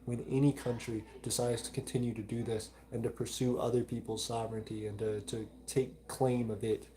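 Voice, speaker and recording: A man's voice: mid-range voice, little pitch movement, moderate pace, dark tone. A young man with a mild Alabama accent, hosting a live stream and earnestly reading viewer comments aloud. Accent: mild Southern US (Alabama). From Alabama, United States. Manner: earnest, repeats pleas, reads chat aloud.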